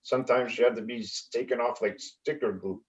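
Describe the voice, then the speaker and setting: A man from Canada doing a stand-up comedy set over a video call, with a halting delivery full of fillers. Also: mid-range voice, fairly even intonation, dull audio.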